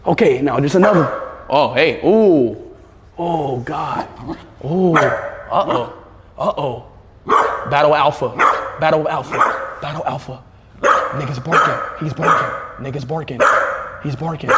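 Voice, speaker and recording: A young man streaming from home with his pets, excitable, jumping between high shrieks and low mutters. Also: slow, pauses often. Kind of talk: casual livestream chat. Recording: echoey room, faint background noise.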